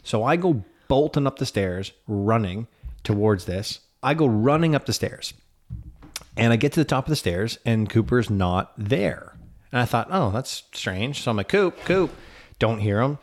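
A man with a low voice telling a spooky family story in a relaxed, chatty way. He acts out the quotes as he goes and drops the odd swear word. He sounds like a podcast co-host in his thirties. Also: moderate pace. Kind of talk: casual storytelling.

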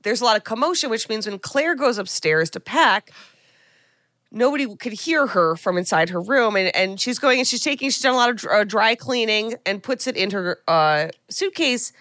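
A woman co-hosting a podcast, chatting casually through a movie recap and slipping into quick quoted lines along the way. Her voice sits a little high. The sound is dry and close, with no room echo. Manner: animated storytelling with quick acted-out quotes. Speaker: podcast co-host.

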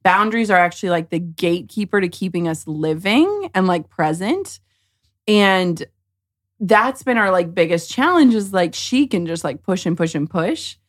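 A woman's voice: on the low side, normal speed. A woman in her thirties talking casually about parenting on a podcast, telling stories and acting out what was said. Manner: animated storyteller, acts out quotes. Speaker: guest.

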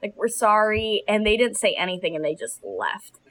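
A woman's voice: medium pitch, brisk. A young woman co-hosting a podcast, telling a story in a chatty way, full of filler words and giggles. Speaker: podcast co-host. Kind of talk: casual chat, storytelling.

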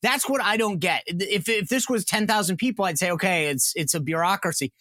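A man hosting a podcast, talking in an animated, incredulous way as he questions his guest. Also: sits high, brisk, no room sound. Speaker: podcast host. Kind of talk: casual interview and read ad.

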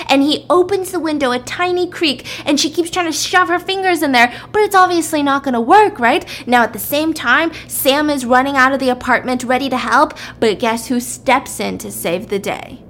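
A woman casually retelling a story, animated and acting out the characters' lines in raised voices. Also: high-pitched, normal speed, hardly any pauses.

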